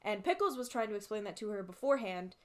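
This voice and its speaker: A woman's voice: mid-range voice, fast talker. A woman hosting, casually telling a long anecdote with fillers and frequent laughs while playing a game. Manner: animated, laughs often, fillers. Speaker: host. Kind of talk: casual storytelling while gaming.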